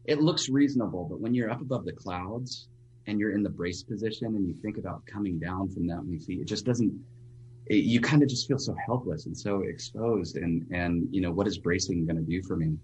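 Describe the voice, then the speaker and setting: A man, a pastor, telling a personal story as a radio guest in an earnest, halting way with frequent restarts. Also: sits low, a little mellow, slight background noise.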